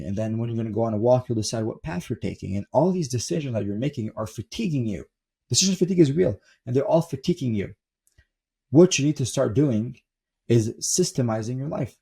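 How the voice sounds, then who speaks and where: A man's voice: medium pitch, creaky, dark tone, husky. A young man giving a blunt, profane motivational monologue as a self-improvement coach, talking from the desk in his room at home and repeating words for stress.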